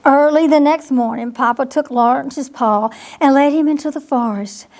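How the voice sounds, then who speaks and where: A woman librarian reading a bedtime picture book aloud to children, gently, pausing to ask them questions. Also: sits high. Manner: slow, gentle, asks the listeners questions.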